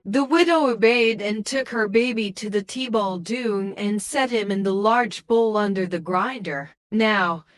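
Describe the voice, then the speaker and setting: Female folktale narrator, slow and careful, dry close-mic sound. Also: mid-range voice, no room sound, faint music behind.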